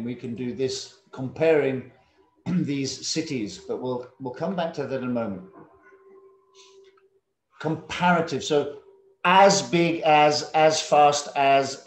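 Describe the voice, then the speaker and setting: The audio has a roomy quality as a medium-pitched male English teacher works with students by video call. He drills words slowly and patiently, naming students and mixing in Indonesian classroom terms.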